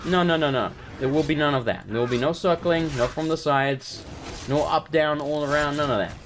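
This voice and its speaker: A man's voice: a little high, a little fast, a little hiss or hum. An English man with a cold, casually commenting on his gameplay, jokey and talking to himself. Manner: jokey, talks to himself, animated. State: has a cold. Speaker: let's play host.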